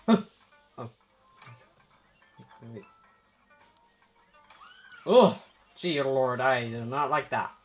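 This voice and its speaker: A woman playing a game, talking dramatically, taunting enemies, swearing and swinging between shouts and mutters. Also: a bass voice, expressive, drawn-out words, long pauses, faint music behind. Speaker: gamer.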